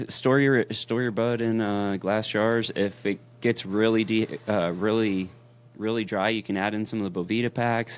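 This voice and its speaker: A man co-hosting a casual podcast, explaining things in an easygoing, plain way. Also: on the low side. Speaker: podcast co-host. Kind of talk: casual chat.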